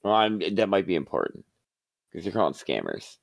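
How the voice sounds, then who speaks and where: A man with a very deep, gravelly voice co-hosting a podcast. He teases his friends in a playful way. The sound is dry and close to the mic. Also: wildly swooping pitch, brisk, dry recording. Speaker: podcast co-host.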